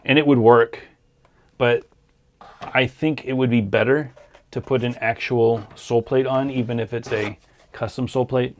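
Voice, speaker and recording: A man's voice: mid-range voice, slight background noise. A man hosting a casual livestream, answering viewer questions in an easygoing, hesitant way, tired and losing his voice. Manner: easygoing, hesitant with many ums.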